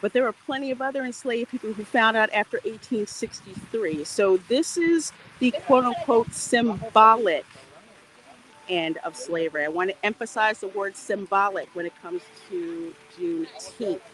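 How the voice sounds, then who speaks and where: A woman's voice: medium pitch, moderate pace, few pauses, slight background noise, poor audio. Chatty woman hosting a walking livestream. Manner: chatty and animated, greeting viewers. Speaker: livestream host. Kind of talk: casual educational walking livestream.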